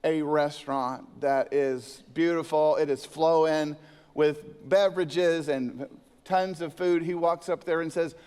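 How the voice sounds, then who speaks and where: A male senior pastor delivers a sermon in a slightly high voice. He moves between scripture and storytelling and presses hard on key words. The sound carries a long church-hall reverb. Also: a little slow, clear, resonant tone. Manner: storytelling preacher with a joke, animated emphasis.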